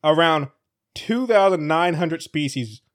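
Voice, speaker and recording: A man's voice: fairly high pitch, animated, measured pace. A man co-hosting a casual news-chat podcast, rambling and laughing often as he restarts his sentences. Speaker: podcast co-host.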